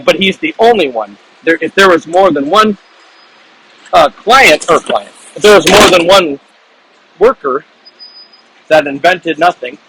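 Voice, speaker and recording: Guy telling his own book's plot, kinda high voice, rambly and excited, restarts a lot. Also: slight background noise, rough recording. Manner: animated, rambling storytelling with many restarts. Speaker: author.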